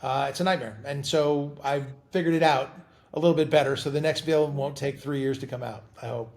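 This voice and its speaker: A middle-aged man chatting as an interview guest, telling animated stories and often repeating words as he talks. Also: a little high, brisk, vocal fry. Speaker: guest actor. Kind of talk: casual interview chat.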